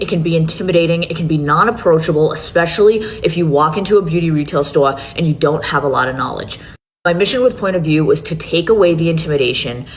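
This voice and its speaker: A woman's voice: lowish voice, slight background noise. A woman who founded a beauty brand talks earnestly about its launch and swears freely. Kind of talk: emotional announcement video.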